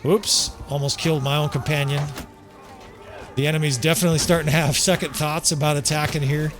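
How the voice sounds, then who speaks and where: A man's voice: a little high, level tone, brisk, soft background music. A man giving casual strategy game commentary, joking and swearing as he plays, chuckling often. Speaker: gameplay commentator.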